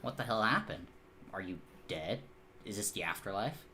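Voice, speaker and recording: A man's voice: fairly low pitch, expressive, normal speed, pushed and bright, a little hiss or hum. A man narrating as game master of a tabletop game, casual and rambling, with fillers and the odd swear.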